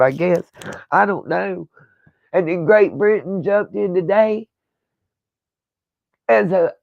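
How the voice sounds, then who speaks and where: Lady livestreaming from home, gravelly drawl, slow blunt cussing rant, dull lo-fi sound. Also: lowish voice, no echo. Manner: blunt, profane, rambling rant. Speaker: livestream host. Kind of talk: casual livestream talk.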